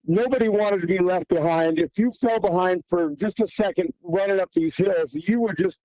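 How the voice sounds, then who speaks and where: Man with a fairly high voice, dry close sound, recounting a tense wilderness hunt with vivid quoted dialogue. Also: normal speed, mellow, dry recording, low-quality recording. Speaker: guest hunter recounting an encounter. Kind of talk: casual storytelling.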